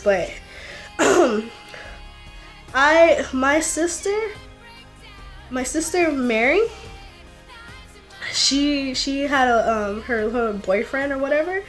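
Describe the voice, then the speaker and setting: A woman telling a story to the camera in a rambling, casual way, full of fillers and restarts. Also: on the high side. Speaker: vlogger. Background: faint music.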